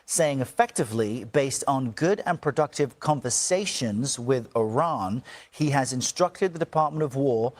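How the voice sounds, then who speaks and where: Male TV anchor, measured, formal newsreading, mid pitch, dry studio sound. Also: lively intonation, dry recording. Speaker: news anchor. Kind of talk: broadcast news reading.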